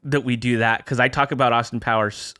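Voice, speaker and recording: A man's voice: medium pitch, fairly even intonation, fairly quick, bright, forceful tone, no room sound, clean studio sound. A man guest on a podcast, talking casually in a rambling, self-deprecating way with many fillers. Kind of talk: casual chat.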